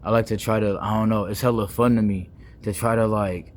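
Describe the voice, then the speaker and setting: A young man, rambling playfully in a casual vlog monologue, full of slang, restarts and deliberately wordy phrasing. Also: fairly low pitch, steady tone, a little hiss or hum. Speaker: vlogger.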